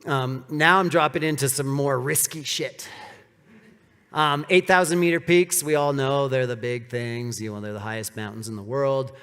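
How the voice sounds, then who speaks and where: A man giving a casual, animated storytelling talk on stage, with many "like" fillers. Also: mid-range voice, moderate pace, clean tone. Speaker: speaker giving a live talk. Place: large hall with an audience. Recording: reverberant hall.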